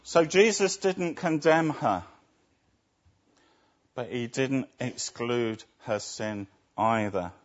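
A man's voice: medium pitch, lively intonation, takes it slowly. A man preaching a sermon, often asking his listeners rhetorical tag questions. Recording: dull lo-fi recording.

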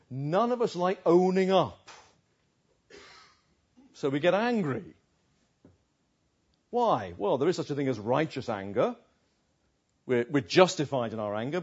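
Male preacher, emphatic sermon, husky tone, dull lo-fi recording. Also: fairly high pitch. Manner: emphatic, asks rhetorical questions.

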